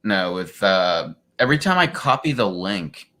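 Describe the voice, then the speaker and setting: A man's voice: sits low, sing-song, measured pace, bright, forceful tone. A man hosting a livestream, chatting easily and saying "like" constantly. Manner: easygoing, filler-heavy, says "like" constantly. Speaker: livestream host. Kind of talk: casual late-night chat.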